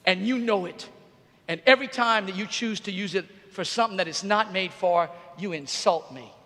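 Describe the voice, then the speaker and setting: Exasperated teen daughter played by a man, high and bright, pleading then stern, echoing through a large hall. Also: moderate pace, slight background noise. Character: exasperated teenage daughter scolding her dad. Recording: reverberant arena hall.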